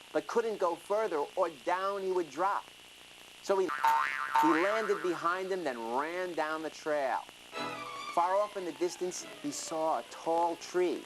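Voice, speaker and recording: A storyteller reading a rhyming children's story in an expressive, sing-song way. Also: mid-range voice, rough recording. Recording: music playing under the reading.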